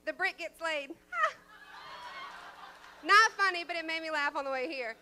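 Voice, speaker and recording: High-voiced woman emceeing a comedy night. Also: normal speed, bright, forceful tone, slight background noise. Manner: self-deprecating, casual. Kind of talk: introducing comics on stage. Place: comedy club stage.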